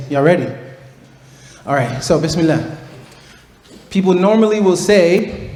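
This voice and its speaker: A man teaching a tajweed workshop to students, encouraging and playful, demonstrating recitation slowly. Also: a little high, a little mellow. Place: large room with students. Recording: echoey hall, faint ambience.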